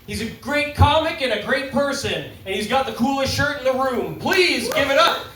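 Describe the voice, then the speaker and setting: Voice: high voice, normal speed. A host introducing the next comic at a pub comedy night, casual and friendly. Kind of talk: stage introduction. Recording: echoey pub, distant mic, background noise.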